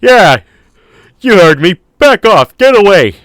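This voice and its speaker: A man reading an audiobook, voicing a panicked grown man who yells at the top of his lungs at a dinosaur. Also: high-pitched, big pitch swings, slow pace, dry recording, pitched above the performer's own voice, exaggerated voice. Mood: frantic shouting.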